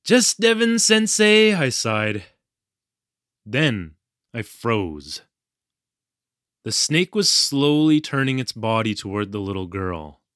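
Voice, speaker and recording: A flustered young male English teacher, voiced by an actor, tells his story in a wry, self-deprecating voice for an audio drama. His pitch swings freely. The sound is close and dry, with no room echo. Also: big pitch swings, slow pace, long pauses, a bit bright, heavily acted. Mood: tense.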